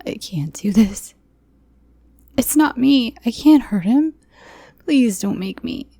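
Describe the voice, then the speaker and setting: A woman voicing a terrified young woman who pleads through sobs in a high, breaking voice. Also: animated, slow, gravelly, fairly bright tone, breathy edge, no echo, studio quality, full character voice. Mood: pleading, sobbing.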